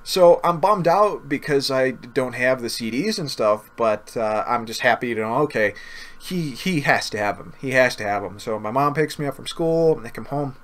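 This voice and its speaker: A man's voice: mid-range voice, animated, moderate pace, fairly bright tone. A man casually telling a personal story to camera, earnest and often repeating himself or stumbling over words. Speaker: gaming video creator.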